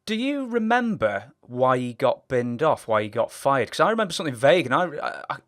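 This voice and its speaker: A man's voice: mid-range voice, sing-song, fairly quick, a bit bright. A man interviewing a guest, asking loose, rambling questions full of fillers and laughing along. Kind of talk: casual interview.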